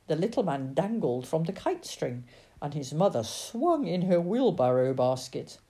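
A woman reading a children's storybook aloud in a dramatic, expressive way. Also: low-pitched, unhurried. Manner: dramatic, sing-song.

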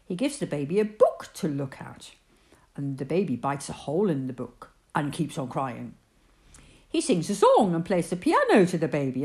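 A woman reading a children's storybook aloud in an expressive, sing-song way. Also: sits low.

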